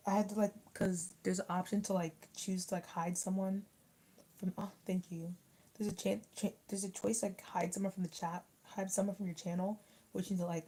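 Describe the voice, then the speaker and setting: A young adult woman, a YouTuber reading her live chat, answers comments while eating during a casual livestream, rambling with lots of fillers. Her voice is medium-pitched and mellow, and the audio quality is poor.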